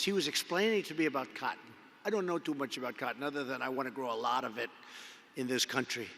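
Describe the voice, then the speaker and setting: A man's voice: medium pitch, moderate pace, sharp tone. A man giving an off-the-cuff political speech at a convention, rambling and repeating himself with conversational asides. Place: large indoor convention arena. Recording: long arena reverb from a PA.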